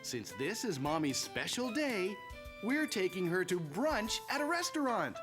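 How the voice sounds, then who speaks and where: An actor voicing a friendly father in an animated children's series, explaining things calmly and simply. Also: medium pitch, a little slow, over music. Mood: kindly. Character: friendly, easygoing cartoon father. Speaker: father character.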